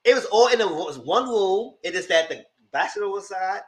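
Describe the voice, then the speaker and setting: Brief: lively TV reviewer, casual recap, pitch leaps all over, squeals and laughs while acting out scenes. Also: brisk. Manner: animated, acts out characters in squealing high voices; laughs through the story. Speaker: TV show reviewer.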